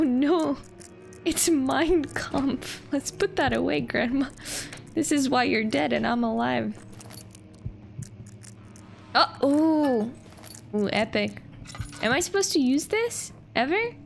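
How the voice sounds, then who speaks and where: Young woman, high voice, slow, playful, swears, giggles, gameplay chat. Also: vocal fry, a little hiss or hum. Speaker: streamer. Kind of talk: casual gameplay commentary.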